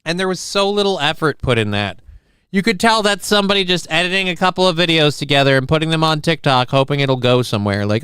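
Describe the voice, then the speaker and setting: Profane, animated man ranting on his show. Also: on the high side, quick pace, clean tone, no echo, studio quality. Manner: profane, heated, sarcastic. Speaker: host of a live call-in show. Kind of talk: ranting reaction commentary.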